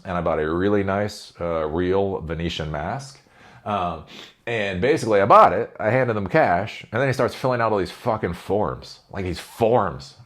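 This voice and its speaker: Deep-voiced middle-aged man rambling casually. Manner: chatty, digressive, laughs and swears often. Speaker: host. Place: his own office.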